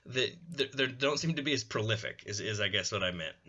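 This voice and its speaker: A man's voice: on the low side, animated, fast, sharp tone, husky, highs cut off. A man co-hosting a podcast in casual chat, joking around and often restarting his sentences. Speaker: podcast co-host.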